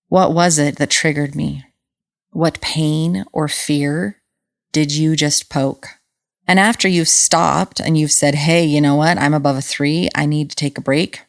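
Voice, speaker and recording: Low-voiced lady podcaster, earnest and chatty, dry close mic. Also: no echo. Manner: earnest, conversational, personal anecdotes. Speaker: podcast host. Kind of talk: reflective solo talk on relationships.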